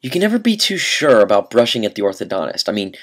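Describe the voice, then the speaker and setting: Deadpan young man telling a comic story. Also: on the low side, fast talker. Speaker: vlogger.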